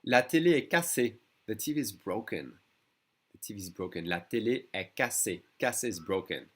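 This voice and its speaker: Middle-aged French-accented male teacher, lowish voice, patient explainer for an online class. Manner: explains slowly, models French phrases, checks with "d'accord?". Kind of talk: online language lesson.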